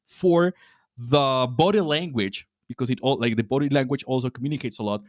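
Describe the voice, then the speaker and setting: A man's voice: mid-range voice, fairly quick, no echo, studio quality. A Latino man hosting a podcast interview, talking casually with frequent restarts and fillers. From Latin America. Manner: hesitant, many restarts and fillers. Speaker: podcast host.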